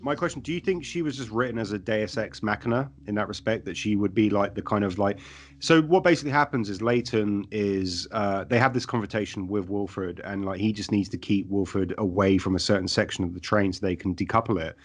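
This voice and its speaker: A man's voice: fairly low pitch, brisk. A man co-hosting a podcast who chats casually about a TV show, cracks dad jokes and puts questions to his co-host. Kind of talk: casual TV recap chat.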